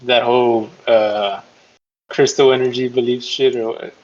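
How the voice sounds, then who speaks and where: A man's voice: mid-range voice, little pitch movement, a little slow. Rambling man on muffled voice chat. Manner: rambling, swears, mock-incredulous. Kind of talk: casual chat over voice call.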